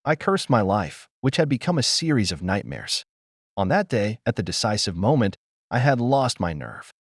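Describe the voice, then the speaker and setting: A male narrator tells a first-person wartime story in a grave, measured way. His voice rises and falls with lively intonation. The recording is dry and close, with no room sound. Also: lowish voice, no room sound. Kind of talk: scripted first-person war memoir narration.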